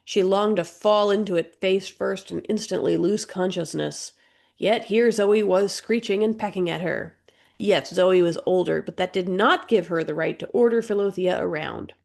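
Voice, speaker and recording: A woman narrating an audiobook in a measured, gentle storytelling manner. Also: mid-range voice, vocal fry. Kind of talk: scripted narration.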